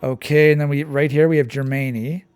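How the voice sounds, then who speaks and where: A man's voice: fairly high pitch, steady tone, brisk, darkish tone, smooth, soft background music. A man giving casual, digressive commentary while playing a map quiz, thinking aloud as he goes. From Canada. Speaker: quiz channel host.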